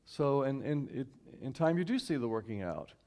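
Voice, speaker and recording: A man from Houston speaking to a church congregation in a conversational sermon, repeating key lines slowly and inviting the audience to join in. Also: medium pitch, animated, darkish tone. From Houston, Texas. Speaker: guest speaker and singer at a church service. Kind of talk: inspirational sermon talk. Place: church sanctuary, live stream.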